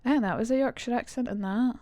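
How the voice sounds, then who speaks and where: A woman's voice: on the high side, fast, warm tone, no room sound. A young Scottish woman chatting on a livestream and teaching accents in a rambling, jokey way. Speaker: streamer.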